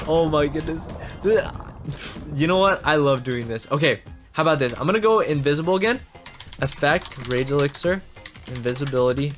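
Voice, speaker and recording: A man hosting a gaming channel, giving excitable gameplay commentary straight to his viewers. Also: fairly high pitch.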